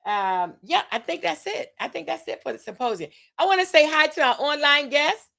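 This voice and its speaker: A woman's voice: high voice, lively intonation, normal speed, vocal fry, fairly bright tone. A woman from Tampa, Florida, hosting a casual livestream, chatting to her audience, reading out event details with fillers and self-corrections, and hyping the crowd with call-and-response. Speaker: host and event organizer.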